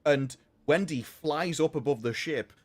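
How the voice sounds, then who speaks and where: A man's voice: a little high, measured pace. A man chatting on a live stream with dry, joking banter. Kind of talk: casual live-stream chat.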